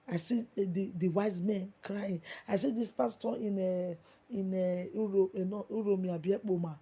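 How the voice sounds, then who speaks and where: A woman's voice: medium pitch, warm tone, husky. A woman with a Nigerian accent delivering an impassioned, repetitive preaching monologue. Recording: muffled lo-fi recording.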